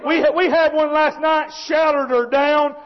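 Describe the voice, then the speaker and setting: Preacher guy, real high voice, shouting and folksy, dull lo-fi sound. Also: steady tone, unhurried. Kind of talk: fiery sermon.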